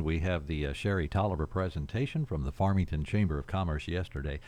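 A very deep-voiced man hosts a local morning radio show from the studio. He talks in a folksy, rambling way, reading community notices and drifting into jokes and chuckles. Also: expressive, fairly quick, hardly any pauses, mellow. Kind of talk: casual radio chat.

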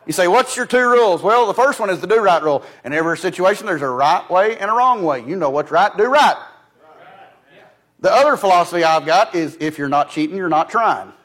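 A man preaching a folksy sermon with a fairly high-pitched voice. He tells stories in a down-home way and keeps saying "he said." His delivery swings from loud, emphatic declarations to low, quiet asides. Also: expressive, fast talker, few pauses, breathy edge. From United States. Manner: folksy, storytelling with repeated "he said".

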